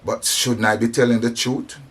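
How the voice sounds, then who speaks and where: A man's voice: medium pitch, little pitch movement, normal speed, a bit bright, husky. A man delivering an impassioned preaching monologue about compassion, with emphatic repetitions and restarts. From African descent. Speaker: speaker on religion and society.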